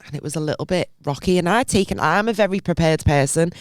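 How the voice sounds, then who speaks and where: A young woman, co-hosting a podcast and telling a story with lively acted-out reactions. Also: fairly low pitch, fast talker, dry recording, studio quality. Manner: animated storyteller, acts out her own reactions. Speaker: podcast co-host. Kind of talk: casual chat.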